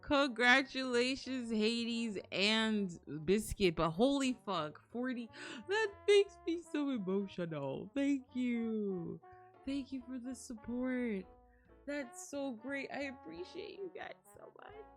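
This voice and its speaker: Young woman, streamer, casual chat, excitable, rambling, lively swinging pitch. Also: takes it slowly, faint music behind. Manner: excitable, gasps and laughs often; rambling, restarts sentences.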